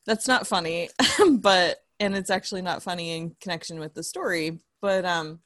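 A woman's voice: lowish voice, normal speed, a bit bright, dry recording, studio quality. A young woman from southern California, co-hosting a casual chat who tells stories and laughs often.

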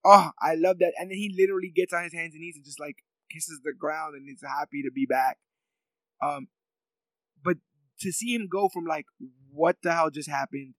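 A man's voice: fairly high pitch, normal speed, fairly bright tone, no echo, rough recording. A man in casual chat, rambling with many fillers and laughs as he talks through a favorite scene.

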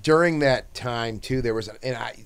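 A man's voice: medium pitch, moderate pace, smooth. A man hosting a casual podcast chat, rambling through his thoughts with restarts and frequent swearing.

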